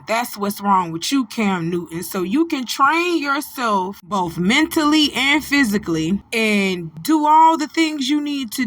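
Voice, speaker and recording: Blunt, preachy woman gossip host. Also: mid-range voice. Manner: preachy, profane, scolding, addresses people directly. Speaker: host of a gossip commentary channel. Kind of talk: blunt celebrity gossip commentary.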